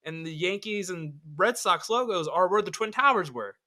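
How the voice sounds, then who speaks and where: A man co-hosting a podcast in casual sports chat, animated and quick to laugh, swearing casually. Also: high-pitched. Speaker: podcast co-host.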